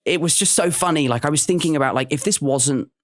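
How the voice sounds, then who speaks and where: A man's voice: a little high, fast talker. A young man with an English accent, a guest actor in a casual interview, telling stories animatedly and slipping into impressions, on a close studio mic. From England. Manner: animated storytelling, slips into impressions.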